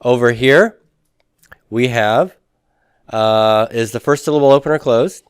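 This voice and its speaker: Smooth-voiced male teacher reviewing a lesson. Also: mid-range voice, a little slow, no echo, studio quality. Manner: patient, asks questions then answers them himself. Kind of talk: recorded class review lesson.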